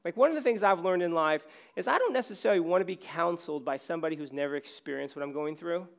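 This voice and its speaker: A man preaching a casual, conversational sermon on stage while his voice is going hoarse. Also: fairly high pitch, quick pace. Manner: casual, self-deprecating, conversational preaching with many fillers. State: losing his voice. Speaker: pastor.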